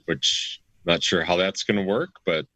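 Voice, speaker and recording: Upbeat male co-panelist, very low voice with a bright, forceful edge, dry close sound. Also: unhurried, no echo. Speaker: show regular, founder of a parents' group. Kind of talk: casual greeting on a live show.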